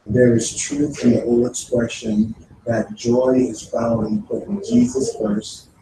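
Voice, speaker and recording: A man in a church class reading scripture verses and a book passage aloud in a measured way, with the occasional "uh". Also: mid-range voice, steady tone, creaky. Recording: echoey room picked up from a distance, faint noise.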